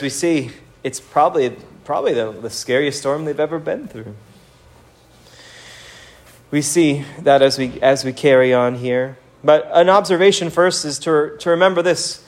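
A man's voice: on the high side, moderate pace. A man preaching a sermon, earnest and direct, asking the listeners pointed questions. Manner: earnest preaching with rhetorical questions and acted quotes. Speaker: pastor.

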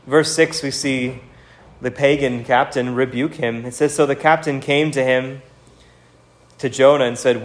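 A man's voice: medium pitch, fairly even intonation, unhurried. A man preaching a sermon, earnest and direct, asking the listeners pointed questions. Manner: earnest preaching with rhetorical questions and acted quotes. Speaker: pastor.

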